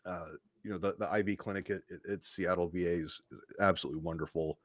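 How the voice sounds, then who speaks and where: Male podcast guest, low-pitched, rambling self-deprecating storyteller, dead-dry mic. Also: fairly even intonation, quick pace, no echo. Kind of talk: casual interview storytelling.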